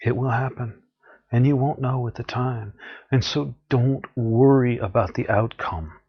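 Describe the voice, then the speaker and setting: Guy giving a spiritual pep talk, kinda husky voice, dull lo-fi recording. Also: mid-range voice, measured pace. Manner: earnest, encouraging, acts out quoted people. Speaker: spiritual teacher.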